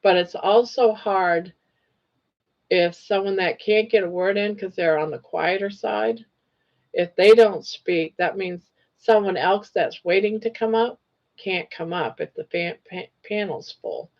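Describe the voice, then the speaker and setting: Slow gravelly voice, dull lo-fi audio. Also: medium pitch. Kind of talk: casual chat.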